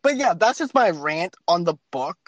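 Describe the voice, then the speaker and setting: A man's voice: high-pitched, big pitch swings, moderate pace, muffled recording, a crowd in the background. A man hosting a casual podcast chat, rambling and laughing often between his points. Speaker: podcast host.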